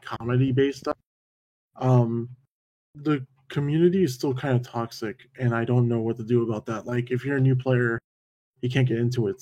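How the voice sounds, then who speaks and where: A man talking through a list of games in a laid-back manner, dropping dry, wry remarks. His voice is dark and mellow. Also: mid-range voice. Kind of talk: casual game-discussion chat.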